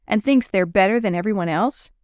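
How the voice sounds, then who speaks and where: A woman's voice: mid-range voice, fairly quick, no echo, clean studio sound, close to an everyday voice. A woman voicing a snide schoolboy who mocks and taunts, in a storybook reading. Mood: mocking. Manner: mocking, taunting. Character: scoffing schoolboy, mocking and snide.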